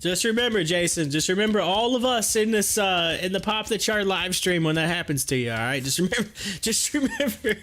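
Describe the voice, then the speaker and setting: A man's voice: high voice, expressive, fairly quick, fairly bright tone. A man hosting a live stream, chatting casually and telling joking stories, often breaking into laughter. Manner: joking storyteller, laughs a lot.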